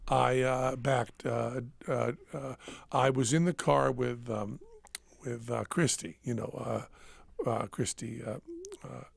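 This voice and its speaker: A man's voice: mid-range voice, fairly even intonation, slow pace, creaky, no echo. A man hosting a podcast, telling a rambling, self-mocking story in casual chat and laughing at himself. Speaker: podcast host. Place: studio.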